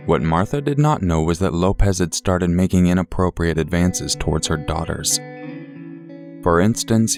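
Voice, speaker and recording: A man narrating a true crime story in a measured, somber scripted read, as the channel's host. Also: sits low.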